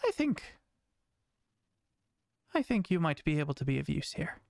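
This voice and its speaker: A man's voice: on the high side, very animated, moderate pace, vocal fry, no room sound. A man voicing a small male gnome in charge, speaking hesitantly. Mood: considering.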